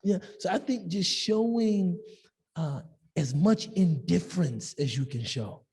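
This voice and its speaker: A man teaching a discussion class in a lively, joking way, often acting out the people he quotes. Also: sits high, unhurried, breathy edge. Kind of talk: discussion-based class talk. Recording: long hall reverb.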